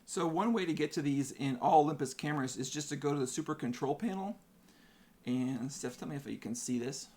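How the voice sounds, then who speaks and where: A man's voice: fairly high pitch, a little fast, a little mellow. A man hosting a live-stream photography tutorial, chatty, explaining camera settings step by step.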